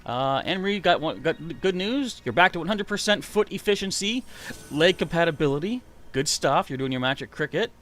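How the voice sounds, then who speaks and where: A man giving live gameplay commentary, excitable and chatty, reading out viewer comments. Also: on the high side, brisk, soft background music. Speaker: streamer playing a video game.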